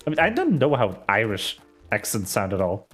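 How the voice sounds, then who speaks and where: A man's voice: fairly low pitch, wildly swooping pitch, moderate pace, a bit bright, faint music behind. A man talking casually while streaming a game, chatty and playful, poking fun at himself. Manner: self-mocking, chatty and playful.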